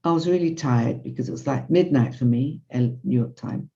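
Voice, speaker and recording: A woman lecturer telling a story in an animated, conversational way and quoting the people in it. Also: a bass voice, normal speed, creaky. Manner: animated, conversational, quotes others. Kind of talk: storytelling in a class. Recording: muffled lo-fi audio.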